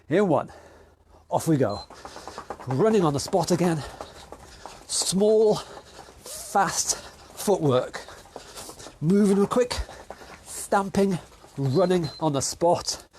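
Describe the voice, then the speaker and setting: British male trainer, slightly high voice, stuffy nose, encouraging, counts down rounds. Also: a little mellow, a little hiss or hum. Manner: upbeat, encouraging, counting down reps. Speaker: fitness instructor. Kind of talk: online exercise class instruction.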